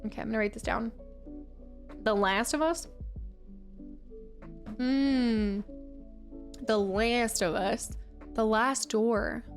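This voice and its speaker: A woman's voice: a little high, takes it slowly, long pauses, soft background music. A woman game streamer in casual chat with her viewers, chatty and rambling, easily amused.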